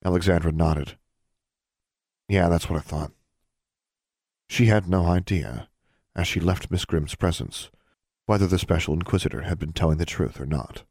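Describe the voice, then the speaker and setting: A man narrating an audiobook in an even, measured way. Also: sits low, no room sound, studio quality.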